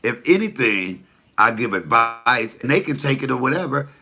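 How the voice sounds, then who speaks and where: A man's voice: mid-range voice, sing-song, moderate pace, music in the background. A comedian talking casually to the camera, blunt, profane and preachy as he tells stories and gives advice.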